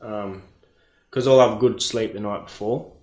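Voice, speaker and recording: A man, a truck driver talking in an easygoing, halting, rambling way in casual chat. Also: lowish voice, steady tone, darkish tone. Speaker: mine truck driver, guest. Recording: roomy echo.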